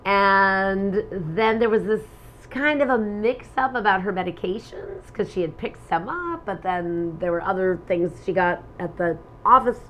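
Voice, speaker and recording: A middle-aged woman co-hosting a relationship talk show, telling personal stories with animated energy and acting out the lines she quotes. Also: mid-range voice, unhurried, a little hiss or hum, low-quality recording. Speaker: relationship podcast co-host. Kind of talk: casual chat.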